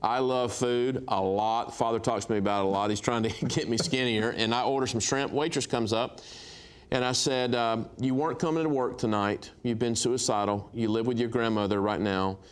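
A middle-aged man, a guest minister, telling lively stories on a talk show and acting out dialogue with laughs. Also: medium pitch, moderate pace, smooth. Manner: animated storyteller, acts out dialogue, laughs. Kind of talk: storytelling testimony on a talk show.

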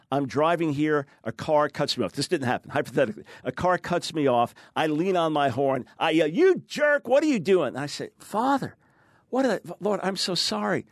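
A man's voice: fairly high pitch, no echo, clean studio sound. A man, a guest author, teaching with emphasis in an interview and acting out quoted voices. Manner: emphatic, fast explaining, acts out quoted voices.

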